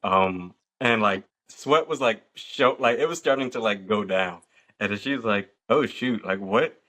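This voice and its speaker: A man in his thirties hosting a casual podcast chat, telling stories with lively acted-out quotes. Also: fairly low pitch, measured pace. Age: 30s. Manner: animated storyteller acting out quotes. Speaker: podcast host.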